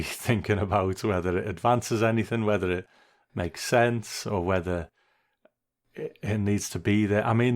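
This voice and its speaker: A man with a fairly low voice co-hosting a horror film podcast. He talks casually and acts out film dialogue with amused emphasis. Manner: amused, animated when quoting dialogue. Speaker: podcast co-host. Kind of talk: casual film review chat.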